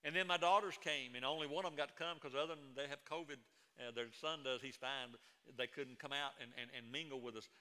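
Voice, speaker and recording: A man's voice: mid-range voice, fast talker, pushed and bright, clean tone, long reverb tail. A middle-aged man preaching a sermon as a pastor, moving between folksy stories and emphatic proclamation.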